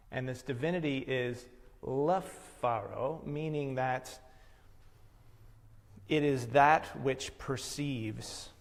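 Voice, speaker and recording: Reflective male meditation teacher, reverberant hall. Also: mid-range voice. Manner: reflective, unhurried explaining.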